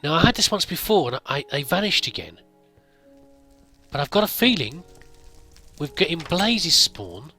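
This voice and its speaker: A man's voice: fairly high pitch, sing-song, normal speed, long pauses, sharp tone, faint music behind. A man giving casual gameplay commentary, chatting to himself and laughing at his own mistakes. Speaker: gameplay video host.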